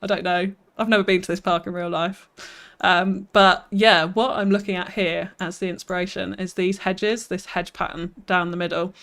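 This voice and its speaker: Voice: mid-range voice, flat delivery, normal speed, vocal fry, fairly bright tone. A streamer, chatting through a live gameplay session, reading viewer comments aloud and answering them with self-deprecating laughs.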